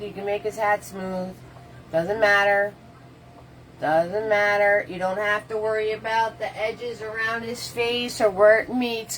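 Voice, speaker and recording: A painting instructor runs a casual live tutorial, her mid-range voice chatting with viewers and answering their comments as she paints. Her step-by-step guidance is loose and relaxed. The audio is poor, with slight background noise.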